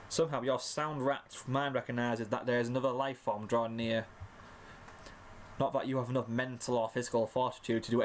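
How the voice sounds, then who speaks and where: Casting note: male reader, mid-pitched, hamming up the drama of a story read aloud. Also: slight background noise. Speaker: fanfiction reader. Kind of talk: dramatic narration of a second-person story.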